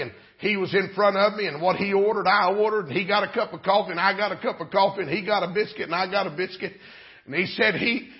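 High-voiced preacher spinning a folksy story. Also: male voice, dull audio. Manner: folksy, drawling storyteller, rising to fervent exhortation. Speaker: pastor. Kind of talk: sermon storytelling.

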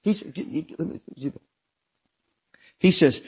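Emphatic husky-voiced Southern preacher man. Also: expressive, a little slow, long pauses. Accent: Southern US, South Georgia. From South Georgia, US. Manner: emphatic, rising to shouts then dropping low. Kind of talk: sermon.

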